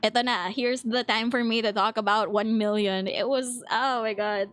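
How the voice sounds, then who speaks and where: A woman's voice: fairly high pitch, steady tone, normal speed, a bit bright, faint music behind. A young Filipino woman with a Filipino accent, chatting casually with her stream chat, laughing often and reading messages aloud. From Philippines. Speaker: VTuber streamer.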